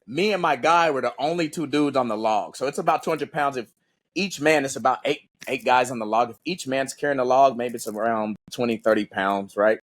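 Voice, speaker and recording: A man, a former Navy SEAL guest on a podcast, telling stories in a casual, animated and profane way. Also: mid-range voice, brisk. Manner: animated, profane, acts out voices in his stories. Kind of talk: casual storytelling in an interview.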